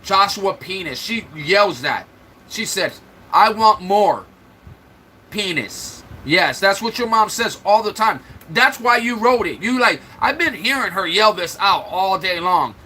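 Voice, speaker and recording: A man's voice: high-pitched, animated, measured pace, pushed and bright, slight background noise, rough recording. A man hosting a livestream, trash-talking and mocking commenters in loose, joking banter. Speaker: livestream host. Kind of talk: mocking live-chat banter.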